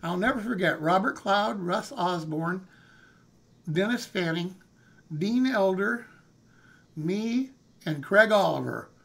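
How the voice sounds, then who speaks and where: An older man tells a story in a rambling, folksy way, his voice pitched high and bright with a gravelly rasp. He is in his sixties, and he chats straight to his live-stream viewers. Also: lively intonation, slow, pauses often. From California, USA. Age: 60s. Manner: folksy, rambling, calls listeners "man" and "hey". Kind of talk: casual storytelling.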